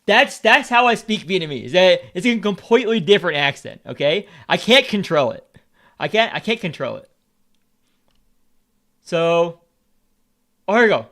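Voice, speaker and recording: A man's voice: high voice, lively intonation, moderate pace, fairly bright tone. A Vietnamese American man streaming, rambling in casual chat, repeating words and swearing freely as he talks. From United States.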